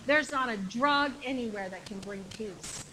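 A woman preaching a sermon with passion, repeating phrases and shouting the climactic lines. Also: fairly high pitch, unhurried, noisy background.

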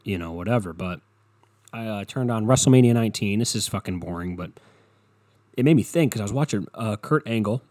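A man's voice: fairly low pitch, a little fast, no echo, studio quality. A young man rambling through a profane, comedic monologue as a podcast host. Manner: rambling, profane, animated storytelling.

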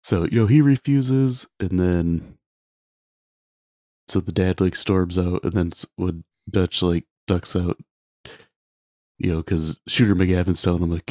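A man's voice: low-pitched, a little slow, pauses often, a little mellow, no echo, clean studio sound. A man co-hosting a podcast, casually retelling movie scenes in a rambling way with lots of filler words. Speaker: podcast co-host.

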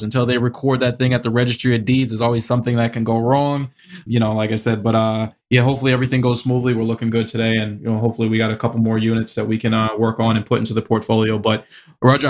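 Man from Boston chatting as guest. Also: medium pitch. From Boston area. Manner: hesitant, many fillers and restarts. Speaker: podcast guest, real estate investor. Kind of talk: casual interview conversation.

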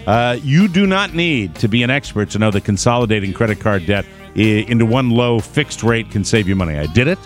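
A male radio host with a wry, joking way of talking. His pitch rises and falls a lot as he banters and reads sponsor copy, with faint music underneath. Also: expressive, a little fast, hardly any pauses. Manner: jokey, wry, self-deprecating. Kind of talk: casual talk radio banter and live ad read.

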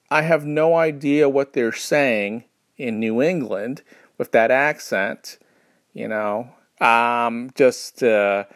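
A man from New York hosting a podcast, delivering a rambling comedic monologue with a sardonic edge, halting often with fillers. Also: a little high, vocal fry, no room sound, studio quality. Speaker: podcast host.

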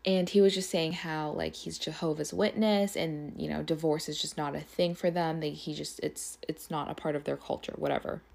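Gravelly-voiced young woman telling a story. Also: sits low, moderate pace, hardly any pauses. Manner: animated, swears often, lots of "like". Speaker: podcast host. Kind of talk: casual storytelling.

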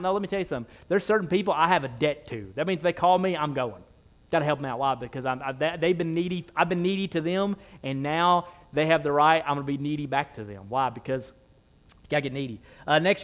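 A young adult man, a pastor preaching a sermon with emphatic, repetitive lines that build to shouts. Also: fairly high pitch.

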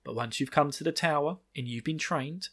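A man's voice: a little high, brisk, bright, forceful tone. Rambling, laughing man recapping a book. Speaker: book reviewer.

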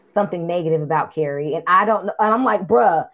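A woman's voice: fairly low pitch, quick pace, highs cut off. Woman animatedly recapping a movie. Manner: animated, profane storytelling. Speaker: podcast co-host. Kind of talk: casual movie recap chat.

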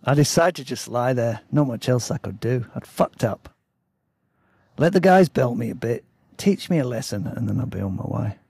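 Aussie bloke spinning a yarn, gravelly and husky, swears a lot, dry close sound. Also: male voice, mid-range voice, expressive, normal speed, a little mellow, no echo. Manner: blunt, swears freely, cheeky. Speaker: storyteller. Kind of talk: casual storytelling narration.

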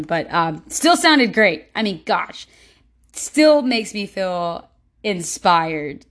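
A woman's voice: medium pitch, animated, slow, fairly bright tone. A woman hosting her own solo podcast in a casual, rambling way, with many fillers and restarts. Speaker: podcast host.

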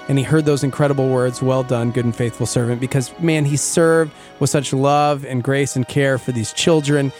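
Male radio host, earnest and upbeat, light music under. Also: medium pitch. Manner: earnest, enthusiastic. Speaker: radio morning show host. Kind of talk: casual radio chat.

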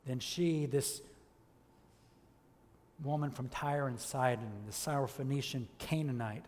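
A man preaching a sermon as a church elder, impassioned and emphatic, rising to loud peaks and dropping low. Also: moderate pace, big-room sound.

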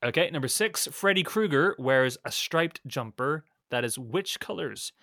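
Bright-voiced man reading quiz questions. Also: on the high side, animated, unhurried, no room sound, studio quality. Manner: reads questions and options with a playful lilt. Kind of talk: casual quiz podcast chat.

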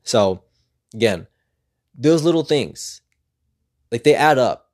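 A man's voice: medium pitch, lively intonation, slow, darkish tone. A man talking earnestly in a casual motivational vlog, rambling and repeating himself as he pushes himself on. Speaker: vlogger.

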